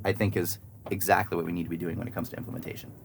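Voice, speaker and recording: A man being interviewed who speaks in a thoughtful, measured way during a ride in a car. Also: low voice, little pitch movement, gravelly, slight background noise. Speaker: interview guest. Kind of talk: casual conversation. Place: inside a car.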